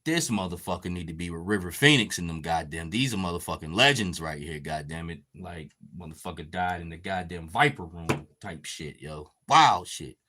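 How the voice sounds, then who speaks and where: Painting a figure as he talks, this podcast host keeps things relaxed and profane, picking up chat comments as he goes. His low-pitched voice has lively intonation and a sharp tone, moving at a normal speed with hardly any pauses.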